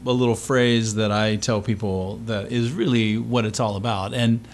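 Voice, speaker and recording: Easygoing, low-voiced male guest. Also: normal speed, a little hiss or hum. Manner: relaxed, easygoing, rambling with fillers. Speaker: guest performer. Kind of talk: casual interview chat.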